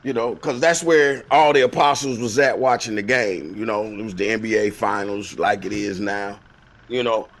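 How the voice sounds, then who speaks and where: A man hosting a show, retelling a Bible story as casual comedy with slang, acting out the characters in lively voices. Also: lowish voice, normal speed. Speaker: host.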